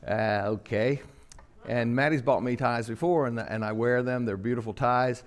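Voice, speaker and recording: An older man, a pastor preaching a casual, story-filled Christmas sermon, acting out quotes and slowing for solemn lines. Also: fairly even intonation. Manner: storytelling, acts out quotes with sudden pitch jumps, slows for solemn lines.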